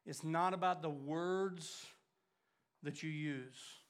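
An older man preaching a sermon, swinging from loud urgent emphasis to hushed, near-whispered lines. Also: fairly high pitch, steady tone, slow, clear, resonant tone.

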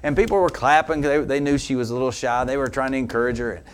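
A man preaching as a pastor. He tells an anecdote with animated energy, then turns low and earnest for the teaching. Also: fast talker, clear, resonant tone. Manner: animated storyteller who laughs along with his own anecdote. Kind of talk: sermon storytelling.

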